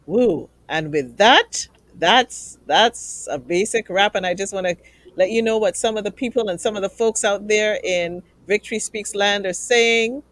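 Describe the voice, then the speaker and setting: A woman's voice: mid-range voice, measured pace, a bit bright, dry recording. A woman hosting a live talk show, earnest and emotional as she thanks guests and pleads with viewers.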